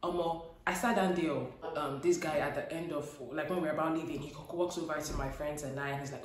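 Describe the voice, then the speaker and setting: Animated Nigerian woman in an echoey room. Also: low-pitched, fast, hardly any pauses. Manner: animated storytelling, acts out dialogue. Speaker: vlogger. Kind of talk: casual chat to camera.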